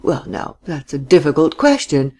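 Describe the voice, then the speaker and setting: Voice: medium pitch, very animated, moderate pace, warm tone. A reader voicing a good-natured old father who babbles and chatters. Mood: amused.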